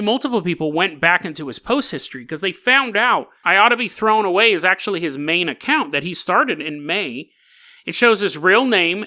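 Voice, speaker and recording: Guy hosting a podcast, telling a weird story all casual and wry, voice goes up and down a lot, kinda bright. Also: high voice. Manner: wry, animated storyteller who laughs at his own asides. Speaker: podcast host.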